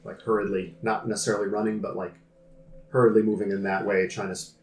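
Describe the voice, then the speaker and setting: A man's voice: fairly low pitch, little pitch movement, quick pace, background noise. A man playing a tabletop game who earnestly describes what his character does. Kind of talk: casual tabletop play. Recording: roomy echo.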